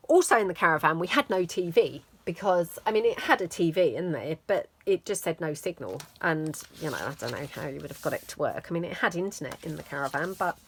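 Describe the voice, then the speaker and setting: A woman's voice: fairly low pitch, slight background noise. A middle-aged woman, chatting casually and rambling in a vlog as a crafting channel host. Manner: rambling and self-deprecating, lots of fillers.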